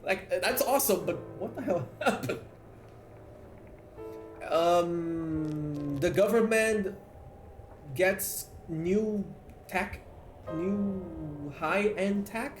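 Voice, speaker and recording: A man, a Portuguese speaker, chatting excitably and swearing freely as he streams a game and reads chat aloud. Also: sits high, extremely slow, long pauses. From Brazil. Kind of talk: casual live-stream chat while playing. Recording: roomy echo, faint game music.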